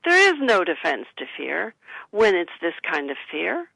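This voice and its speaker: A woman speaks as an author on a talk radio show, earnest and advising. Her voice is gravelly and forceful. The sound is dry and close. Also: lowish voice, huge pitch swings, unhurried, no echo, rough recording. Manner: earnest, advising, gives listeners example phrases. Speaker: author guest. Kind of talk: radio interview. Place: studio.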